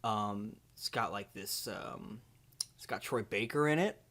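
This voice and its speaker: A man's voice: on the low side, a little slow, fairly bright tone. A man hosting a comedy video, playing an overconfident movie ranker who rambles and stumbles over his words. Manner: bumbling, rambling, with many fillers and restarts.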